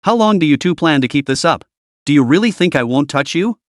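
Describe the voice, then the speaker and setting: An arrogant boss who sneers and barks threats at everyone around him, as a male narrator plays him. The pitch swings widely and the read sounds dry and close. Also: animated, brisk, dry recording, lightly acted. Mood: furious.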